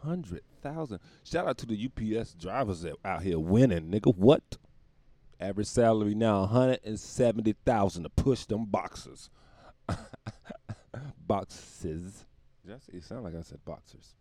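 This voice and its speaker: A man's voice: fairly low pitch, animated, moderate pace, warm tone, dry recording. A man hosting his own podcast, rambling through a profane comedic monologue and laughing at his own jokes. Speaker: podcast host.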